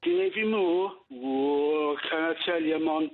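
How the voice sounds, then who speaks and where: A man's voice: fairly high pitch, slow, a little hiss or hum, pitched below the performer's own voice. A male caller on a phone line voicing an exaggerated, cheeky North East English man with a broad put-on Geordie accent. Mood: playful. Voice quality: broad, sing-song put-on dialect.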